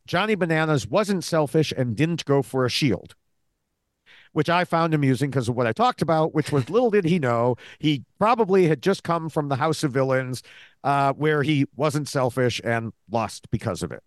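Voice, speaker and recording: A man co-hosts a reality-show recap podcast, chatting casually. His voice is animated and a touch high, and he drifts into fillers. The sound is dry and close, with no room echo. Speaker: podcast co-host. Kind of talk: casual chat.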